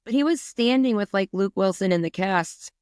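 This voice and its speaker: A woman co-hosting a podcast, chatting casually with quick, wry asides. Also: mid-range voice, expressive, darkish tone, smooth, no echo, studio quality. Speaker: podcast co-host. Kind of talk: casual chat.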